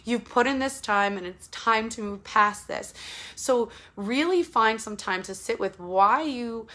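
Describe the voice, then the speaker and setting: A woman's voice: on the high side, unhurried, pushed and bright. A woman postpartum support coach giving casual advice straight to the listener, earnest and repetitive. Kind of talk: casual direct-to-camera advice talk.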